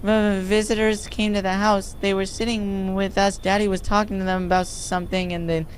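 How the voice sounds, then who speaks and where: Scared stammering little girl put on by a man, raised high, a little noisy. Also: little pitch movement, normal speed, close to an everyday voice. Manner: stammering, shaky. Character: frightened little girl whose father was killed.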